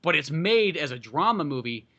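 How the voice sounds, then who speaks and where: A man with a bright, slightly raised voice argues his points with emphasis in casual podcast talk. He swears freely and comes back to his points again and again. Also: a little high, sing-song, normal speed, muffled recording. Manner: emphatic, profane, argumentative. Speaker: podcast host. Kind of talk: casual chat.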